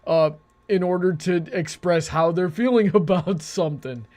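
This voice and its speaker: A man's voice: sits high, normal speed, darkish tone. A man hosting a casual debate, talking earnestly and restarting his sentences often. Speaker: debate show host.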